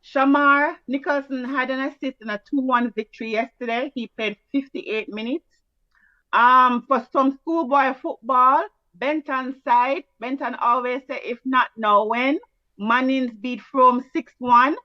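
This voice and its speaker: A Jamaican woman talking sport in a casual, teasing, rapid-fire way. Her voice sits fairly high. It comes through a dry, dull, lo-fi mic. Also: steady tone, no room sound. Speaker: co-host.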